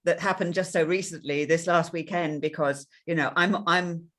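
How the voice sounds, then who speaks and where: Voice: mid-range voice, fairly even intonation, moderate pace, a bit bright. An interview host sharing a personal story, speaking with many restarts and fillers. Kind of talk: conversational interview.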